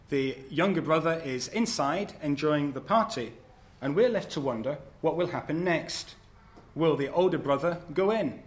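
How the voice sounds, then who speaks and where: A man preaching to a church congregation, his voice sitting a little higher than usual. He speaks earnestly and at a measured pace, pausing on the odd "uh" as he works through a scripture passage. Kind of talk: sermon. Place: church service.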